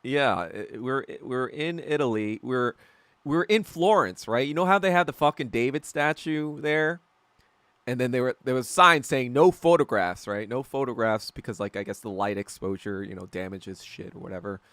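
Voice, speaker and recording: With a medium-pitched, fairly bright voice that sounds clear and resonant, a young podcast host tells meandering stories at a moderate pace, laughing and cursing often. It's a casual livestream chat over a meal, recorded dry.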